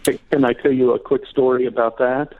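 A man's voice: medium pitch, level tone, brisk. Man in his sixties telling stories by phone. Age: 60s. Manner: warm storyteller, chatty. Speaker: guest, actor and author. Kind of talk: casual interview storytelling. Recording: tinny phone line.

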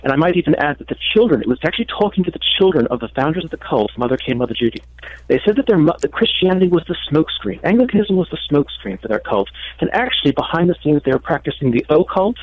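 A man's voice: a little high, big pitch swings, fast talker, muffled recording. A man speaking earnestly as a guest on a radio talk show. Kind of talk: radio interview answers.

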